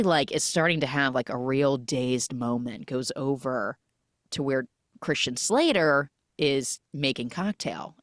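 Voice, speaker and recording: A woman's voice: low-pitched, no echo, studio quality. A woman on a podcast chattily retelling a film plot, full of "like"s. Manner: chatty, animated retelling with many "like"s. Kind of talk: casual podcast film recap.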